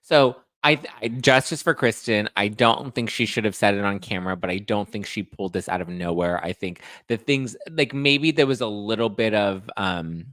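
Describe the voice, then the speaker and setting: A man's voice: on the low side, moderate pace, hardly any pauses, a bit bright, dry recording. A man hosting a podcast, chatting casually and with sass while recapping reality TV. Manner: chatty and sassy, acts out quotes. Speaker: podcast host.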